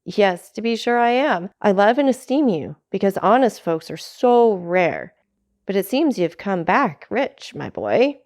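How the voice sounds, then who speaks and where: A woman voicing an envious male tailor neighbor with a glib, ingratiating manner, in an audiobook reading with a gravelly tone. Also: mid-range voice, sing-song, unhurried, darkish tone, voice pushed up. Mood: fawning.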